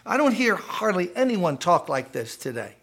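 A man preaching a sermon for a podcast aimed at church leaders, his voice sitting slightly high for a man. He drives points home by repeating phrases and tossing out rhetorical questions in a conversational, emphatic way. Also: sing-song, moderate pace, a bit bright. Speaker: pastor.

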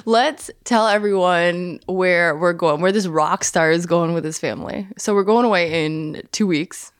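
A chatty woman in her thirties co-hosts a podcast, her voice sitting a little low. She explains at length and laughs easily. The sound is dry and close to the mic. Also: unhurried, clean tone, no echo. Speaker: podcast co-host. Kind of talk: casual chat.

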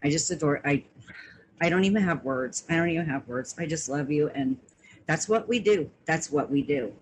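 A woman's voice: sits low, expressive, normal speed, a little hiss or hum, rough recording. A woman calling in to a live stream panel, talking in a gushing, affectionate way. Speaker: caller. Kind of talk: casual chat.

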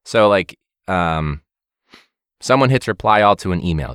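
Low-voiced man rambling and joking. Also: animated, a little slow, fairly bright tone, smooth, no room sound, studio quality. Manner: rambling, joking, swears often. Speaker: teacher and podcast host. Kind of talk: casual comedic monologue.

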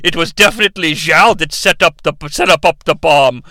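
A man voicing a mocking older uncle figure in a loud, drawn-out voice. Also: fairly high pitch, no room sound.

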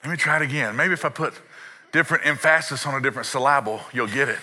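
A middle-aged man, preaching a sermon in a church, playful and animated, with sung and acted-out bits. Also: mid-range voice, quick pace, heavy background noise. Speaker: pastor. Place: church sanctuary.

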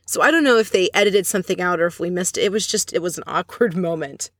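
A woman's voice: fairly low pitch, a bit bright, no room sound. Chatty woman recapping, dry close sound. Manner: chatty, opinionated, retells scenes with quick asides. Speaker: podcast host recapping a reality show. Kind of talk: casual recap commentary.

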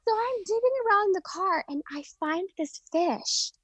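High-voiced laughing woman telling a story. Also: expressive, moderate pace, a bit bright, no room sound. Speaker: podcast guest. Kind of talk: casual storytelling.

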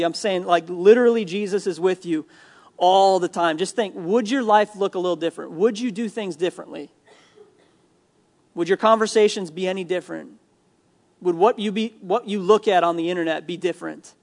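A young adult man preaching a sermon in a casual, conversational way, with humor and frequent restarts. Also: high voice. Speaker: pastor.

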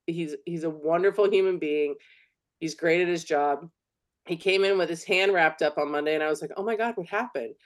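A woman's voice: sits low, fairly even intonation, moderate pace. A woman co-hosting a podcast in casual chat, blunt and emphatic, swearing freely. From United States. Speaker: podcast co-host.

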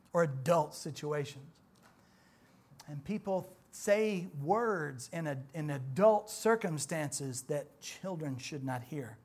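A man preaching a sermon, emphatic, with rhetorical questions and repeated phrases. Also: high-pitched.

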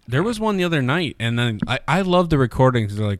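A man's voice: mid-range voice, very animated, fast, no echo, studio quality. A man co-hosting a casual podcast, joking and teasing his friends. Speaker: podcast co-host. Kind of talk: casual chat.

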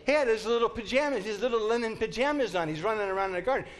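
A man with a fairly high voice leads a Bible class in a classroom. He teaches in an animated, joking way and acts out the story as he goes. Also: very fast.

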